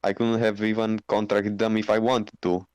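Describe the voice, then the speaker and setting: A man voicing a clever male ex-criminal who answers flatly. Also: fairly low pitch, normal speed, clean tone, no room sound, close to an everyday voice.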